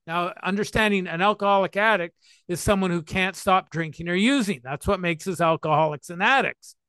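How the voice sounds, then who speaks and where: Bright, high-voiced man in his sixties. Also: a little fast, clean tone, no room sound, clean studio sound. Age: 60s. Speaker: recovery speaker. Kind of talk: talk to listeners on recovery.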